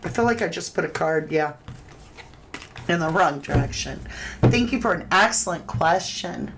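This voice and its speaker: Chatty low-voiced woman reading tarot. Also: expressive, moderate pace, background noise. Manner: chatty and conversational, with frequent restarts and fillers. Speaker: tarot reader host. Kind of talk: live stream tarot reading, answering viewer questions.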